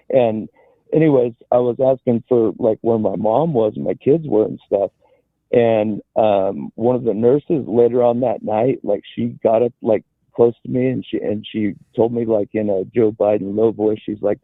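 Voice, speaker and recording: A low, gravelly male caller comes through a tinny phone line. He tells his story haltingly, circling back and restarting often. The sound is dry and close. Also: dry recording. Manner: halting, many restarts and fillers. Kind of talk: casual call-in story.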